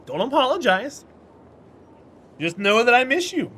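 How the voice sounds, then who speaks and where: A chatty man plays a game on stream and talks with his viewers, laughing and replying to chat members by name in a friendly way. His high voice swoops animatedly through big pitch swings, bright and forceful yet slightly rough, and he speaks at an unhurried pace.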